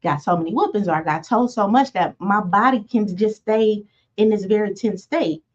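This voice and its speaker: A woman in her forties leads a motivational self-help talk in a soft, gentle tone. She speaks conversationally, wandering into asides and fillers as she goes. The audio is a little dull and lo-fi. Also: mid-range voice, normal speed. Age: 40s. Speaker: self-help podcast host.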